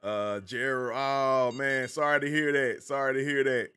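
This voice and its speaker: A man with a Southern American accent hosts a relaxed live stream, greeting viewers by name in a loose, chatty way. His voice is bright and forward, pitched in an ordinary middle range. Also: normal speed, smooth. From American South, the Carolinas. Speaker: game streamer.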